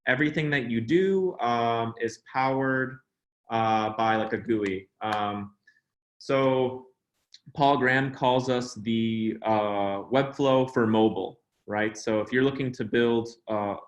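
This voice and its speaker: A man's voice: medium pitch, takes it slowly. Give me a chatty, rambling man presenting a casual tech talk over a roomy-sounding video call. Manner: chatty and rambling, lots of "you know" and "uh". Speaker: guest speaker at online meetup.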